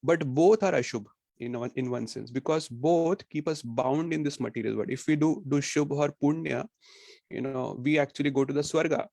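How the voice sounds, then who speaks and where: Male class speaker, slightly high voice, dry close mic. Recites verses, then explains them casually. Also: moderate pace, gravelly, a little mellow, no room sound. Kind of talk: scripture class.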